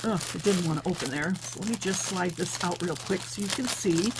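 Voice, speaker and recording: A woman's voice: lowish voice, a little fast, background noise. Chatty woman showing off her crafts. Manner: chatty, thinks aloud with many fillers. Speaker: paper crafting host. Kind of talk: casual craft show-and-tell.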